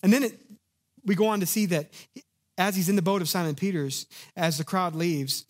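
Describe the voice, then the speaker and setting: A man preaching a sermon in an animated, conversational way, acting out the lines of the people in his story. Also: sits high, normal speed. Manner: animated, conversational, acts out quotes. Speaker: pastor.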